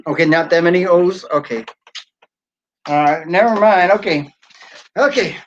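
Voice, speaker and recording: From his home, a man hosts a casual live stream, chatting and reading viewer comments aloud. His voice sits high and he speaks unhurriedly. The lo-fi sound is slightly dull.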